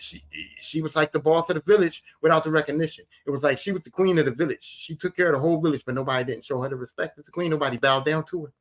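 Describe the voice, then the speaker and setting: Philly guy on a podcast, middle aged, bright voice, storytelling and repeating himself for emphasis. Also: on the high side. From Philadelphia. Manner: animated, repetitive, emphatic retelling. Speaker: podcast host. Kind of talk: casual storytelling.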